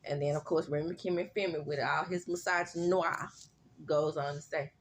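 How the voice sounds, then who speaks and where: A woman hosting a casual reality TV recap, chatty and animated, with laughing asides. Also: low voice, moderate pace, a little hiss or hum.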